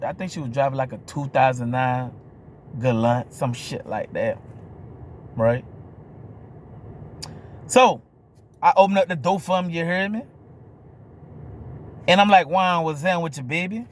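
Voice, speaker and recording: A man's voice: mid-range voice, a little slow, pauses often, slight background noise. A man from New Orleans with a New Orleans accent, ranting to camera in a blunt, profane monologue and asking "you hear me?" over and over. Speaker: vlogger.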